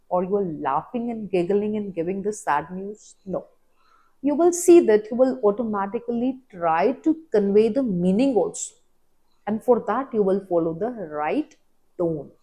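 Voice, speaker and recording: A woman's voice: mid-range voice, warm tone, breathy edge, rough recording. A woman from India with an Indian English accent giving a firm, emphatic speaking lesson, listing her points one by one. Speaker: IELTS speaking teacher. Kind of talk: instructional talk to camera.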